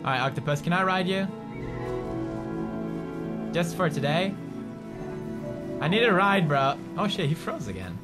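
A man in his twenties giving playful, excitable let's-play commentary and chatting to his game companion. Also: a little high, moderate pace, long pauses. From Sweden. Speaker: gaming host. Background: game music.

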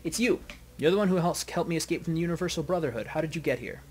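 A man's voice: medium pitch, expressive, fairly quick, a little hiss or hum, natural voice. A man voicing a frightened, haunted young elf woman in a video game, pleading shakily.

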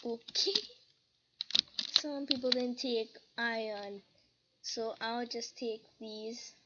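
High-voiced woman chatting over gameplay. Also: fairly even intonation, takes it slowly, heavy background noise. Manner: sing-song humming while playing. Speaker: gamer. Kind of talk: casual gameplay commentary. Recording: lo-fi with loud keyboard typing.

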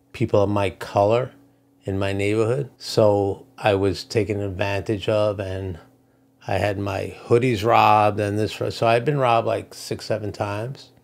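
A man from Brooklyn tells a story in a casual chat. His voice sits low and carries a rough, gravelly edge. He talks bluntly and animatedly, with plenty of swearing. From Brooklyn, New York. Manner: blunt, profane, animated retelling. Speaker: podcast co-host.

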